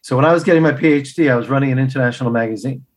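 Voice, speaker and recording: A man telling stories as a podcast guest, acting out the people he quotes with big jumps in pitch and laughing as he goes. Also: rapid-fire. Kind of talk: casual storytelling.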